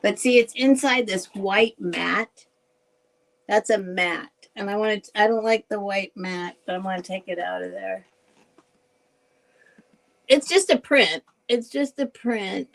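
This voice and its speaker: A woman hosting a casual live vintage sale, chatty and rambling, laughing often and thinking out loud. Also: mid-range voice, a little slow, creaky, rough recording. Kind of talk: casual live selling chat.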